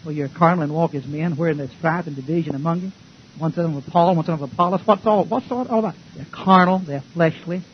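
A man whose voice sits on the high side preaches fast as a pastor, folksy and emphatic, hurling rhetorical questions at his congregation. Dull lo-fi audio with a faint hiss.

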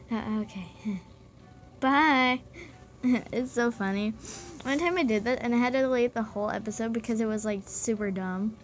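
A woman's voice: fairly high pitch, normal speed, a little hiss or hum. A young woman rambling and giggling as she chats through her game recording. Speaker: gaming vlogger. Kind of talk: casual chat while playing a game.

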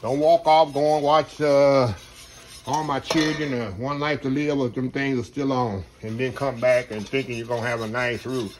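A man's voice: mid-range voice, fairly even intonation, normal speed, slight background noise. Folksy man teaching a recipe. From Texas. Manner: folksy, rambling, addresses viewers as y'all. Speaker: home cook host. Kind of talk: casual cooking demonstration.

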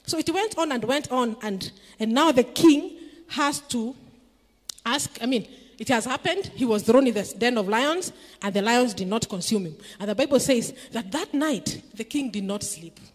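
A woman's voice: a little high, animated, normal speed, big-room sound. A middle-aged woman from Kenya preaching a sermon in a church, emphatic and asking the congregation questions. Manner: emphatic, call-and-response questions.

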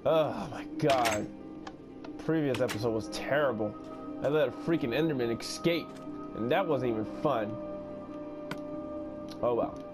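A man giving solo gameplay commentary, playful and profane, talking to himself and breaking into sudden yells. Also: mid-range voice, measured pace, pauses often, over music. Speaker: gaming video host.

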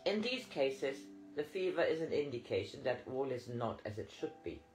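A man's voice: medium pitch, very animated, moderate pace, soft background music, low-quality recording. A man voicing a jovial little male French country doctor who reassures with fussy good cheer. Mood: cheerful reassuring.

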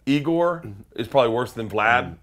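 A man's voice: mid-range voice, expressive, normal speed, fairly bright tone. A man in his forties telling a story in an interview, rambling and cutting himself off as he quotes people. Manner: rambling, self-interrupting, quotes others in character. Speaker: comedian guest.

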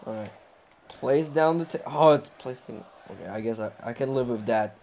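Frustrated young gamer yelling at the game. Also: male voice, mid-range voice, lively intonation, moderate pace, creaky, slight background noise. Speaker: gamer recording a playthrough. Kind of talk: live gameplay commentary.

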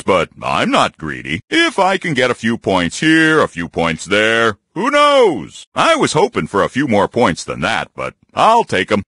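Husky folksy bear, slow lazy drawl but huge squeaky jumps, dry studio. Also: male voice, dry recording, exaggerated voice. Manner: folksy, jokey, swings to high excited yelps. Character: folksy friendly male bear card player. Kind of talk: video game voice clips.

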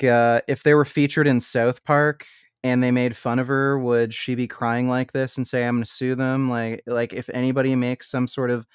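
A man's voice: mid-range voice, clean tone, no echo, clean studio sound. Man ranting scornfully on stream. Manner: blunt, profane, scornful; halting restarts when worked up. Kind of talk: reaction stream rant.

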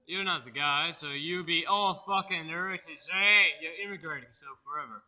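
Loud, bright-voiced Australian gamer guy. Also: on the high side, normal speed, highs cut off. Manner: loud, excitable, swears a lot. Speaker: gaming YouTuber. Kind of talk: let's play commentary.

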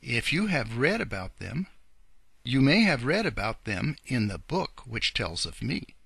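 A man voicing kindly old Mother Goose, who speaks gently and matter-of-factly. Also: medium pitch, very animated, unhurried, creaky, breathy edge, dry recording, heavily acted. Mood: helpful. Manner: gentle, matter-of-fact storyteller's tone.

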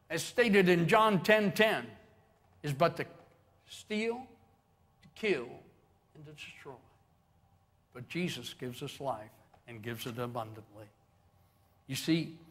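A man's voice: on the high side, a bit bright, long reverb tail. A man preaching a sermon as pastor, folksy and joking, building to swelling emphasis on key phrases. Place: church sanctuary.

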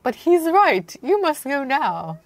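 A woman doing a put-on voice of a pompous old British king in a video game, stretching her words out slowly. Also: high-pitched, big pitch swings, dry recording, exaggerated voice. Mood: stately. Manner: slow, drawn-out fake British delivery.

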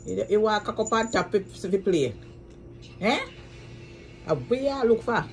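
A woman's voice: medium pitch, animated, measured pace, slight background noise. A woman, vlogging as she coaxes her cats to play in a sing-song, repetitive way. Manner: coaxing, sing-song, repeats commands. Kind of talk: casual talk to her cats.

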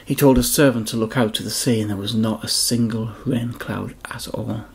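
A man's voice: lowish voice, fairly even intonation, moderate pace, vocal fry, husky. A man narrating a Bible story for children, speaking expressively and addressing the kids directly.

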